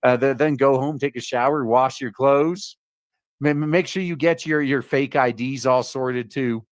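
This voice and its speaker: A man's voice: mid-range voice, steady tone, a little slow, no room sound, clean studio sound. Sarcastic man reading news with fillers. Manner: reads aloud with many "uh" fillers and sarcastic asides. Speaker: host reading news stories. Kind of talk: casual commentary on read-out articles.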